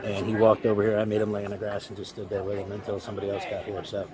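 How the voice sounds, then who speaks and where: A man's voice: lowish voice, completely flat delivery, racing, low-quality recording. A male police officer, speaking outdoors, briefing colleagues in a blunt, matter-of-fact way, recorded on a body camera. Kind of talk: unscripted on-scene briefing. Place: outdoors near a beach. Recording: loud crowd noise around.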